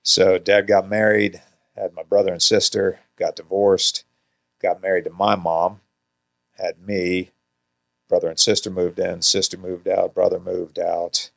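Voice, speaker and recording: Deep-voiced man telling stories, laughing. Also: vocal fry. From Georgia, USA. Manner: laughs often while telling anecdotes. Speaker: actor and podcast guest. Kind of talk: casual interview storytelling. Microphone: podcast studio microphone.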